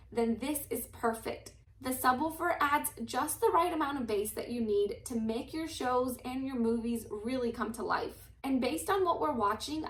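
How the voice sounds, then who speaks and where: Upbeat young woman, high voice, roomy echo. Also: far from the mic. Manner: upbeat, enthusiastic. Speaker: product reviewer host. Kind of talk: casual product review. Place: home living room. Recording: roomy echo, mic set back.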